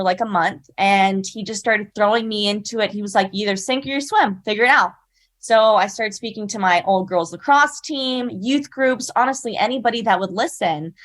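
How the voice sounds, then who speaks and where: A woman's voice: medium pitch, a bit bright. A young woman, a podcast guest, telling a personal story in a chatty, earnest way with lots of "like" and "you know". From South Carolina. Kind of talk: casual storytelling in an interview.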